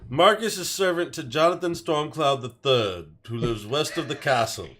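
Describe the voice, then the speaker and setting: Animated man explaining his game moves. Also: medium pitch, normal speed. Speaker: player. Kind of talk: casual role-play talk.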